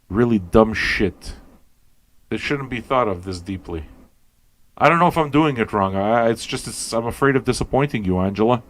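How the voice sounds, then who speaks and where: A man hosting a radio show, rambling and swearing as he questions everything aloud, tired and high. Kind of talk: casual rambling talk to listeners.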